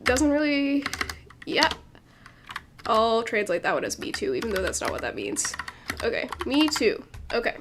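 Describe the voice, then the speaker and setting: A woman talks casually on a livestream, with a slightly high voice, thinking aloud as she translates and often restarting her sentences. Keyboard typing clicks and a faint background hiss sit behind her. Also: sing-song, normal speed, pauses often. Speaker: streamer translating a manga.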